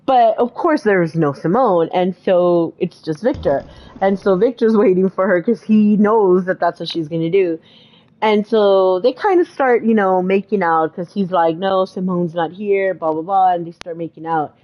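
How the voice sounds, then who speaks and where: A woman's voice: on the low side, normal speed, highs cut off. A woman co-hosting a podcast, chatting casually and retelling movie scenes with exclamations and fillers. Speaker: podcast co-host. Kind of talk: casual chat.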